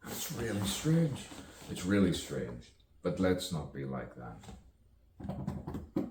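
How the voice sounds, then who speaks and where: A man's voice: low voice, wildly swooping pitch, drawn-out words. A man rambling in a self-recorded monologue, musing and sardonic, asking himself questions and laughing at himself. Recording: echoey room, distant mic, faint background noise.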